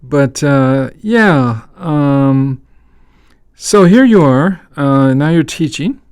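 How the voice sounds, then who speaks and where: A man's voice: fairly high pitch, animated, extremely slow, darkish tone, clean tone, dry recording, clean studio sound. A man hosting a conversational interview, talking in a rambling way with lots of fillers and restarts. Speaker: podcast host.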